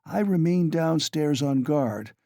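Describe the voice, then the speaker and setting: A man reading an audiobook, voicing a tipsy, blustering young man who talks loud and emphatic. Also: on the high side, animated, slow, dry recording, clean studio sound, pitched above the performer's own voice.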